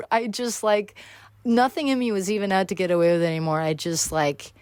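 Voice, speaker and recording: A woman's voice: mid-range voice, fairly even intonation, brisk, a little mellow, dry recording. A woman hosting a radio show, telling a personal story in a rambling, candid, self-deprecating way with many restarts.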